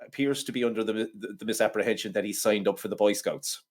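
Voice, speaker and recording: A man's voice: lowish voice, steady tone, quick pace. Sardonic, sweary man. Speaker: podcast co-host. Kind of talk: casual film-review chat.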